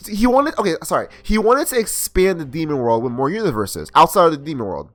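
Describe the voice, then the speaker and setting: A man's voice: a little high, sing-song, a little fast, hardly any pauses, dry recording, soft background music. A young man recapping and reviewing an anime episode in a casual, rambling way, full of slang and restarts.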